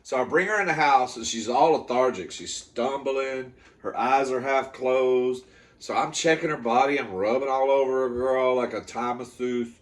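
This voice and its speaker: A man hosting a comedy eating show, telling a story in a campy, profane, chatty way, calling the viewer "girl" and jumping into loud high yelps when he quotes himself or scolds his dogs. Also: moderate pace. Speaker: comedy mukbang host. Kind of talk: casual storytelling to camera.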